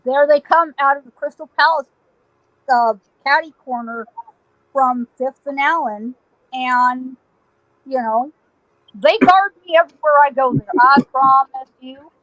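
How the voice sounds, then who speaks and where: A middle-aged woman tells a story as a guest on a podcast. Her voice is high and bright. She is animated and laughs often, acting out the voices in her tale, and the sound is dry and close. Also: a little slow, dry recording, rough recording.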